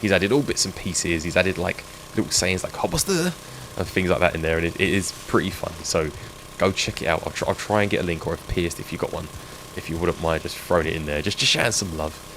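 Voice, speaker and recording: A man's voice: low-pitched, steady tone, quick pace. A man chatting and joking with viewers while he streams a game. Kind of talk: live gameplay stream chat. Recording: game sound noise behind.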